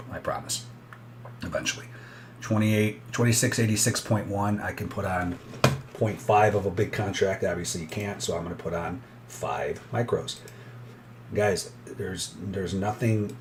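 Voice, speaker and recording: A man's voice: deep voice, a little hiss or hum. A man giving casual, blunt commentary as he trades live and talks straight to his viewers.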